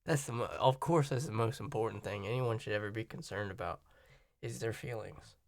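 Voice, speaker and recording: Gravelly-voiced American man rambling casually. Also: lowish voice, fairly quick, dry recording. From Virginia and Florida, USA. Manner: opinionated, rambling, self-interrupting.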